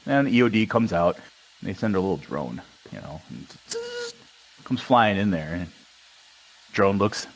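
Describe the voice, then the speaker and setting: A man's voice: sits low, a little slow, pauses often, a little hiss or hum, low-quality recording. A young man from Wisconsin, a podcast guest, casually telling stories and acting out the dialogue. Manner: animated, acts out quoted dialogue. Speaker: podcast guest, army veteran. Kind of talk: casual storytelling.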